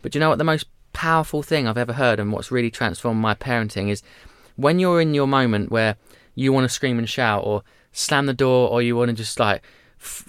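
A smooth, medium-pitched man's voice comes through a dry, clean studio recording. In his thirties and guesting on a podcast, he chats candidly and quickly, a lively storyteller who performs little voices.

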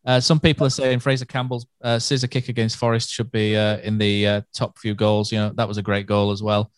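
Podcast host, man, halting delivery, dry close sound. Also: lowish voice, flat delivery, clean tone, no echo. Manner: hesitant, many uhs, wraps things up. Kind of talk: casual football podcast chat.

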